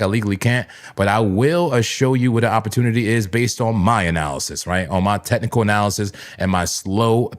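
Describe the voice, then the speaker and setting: A man hosting a live crypto trading stream, talking through charts in a loose, chuckling way and slipping into a mock preacher's call-and-response. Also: fairly low pitch. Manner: animated, preachy mock-sermon bursts with chuckles. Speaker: crypto trading livestream host.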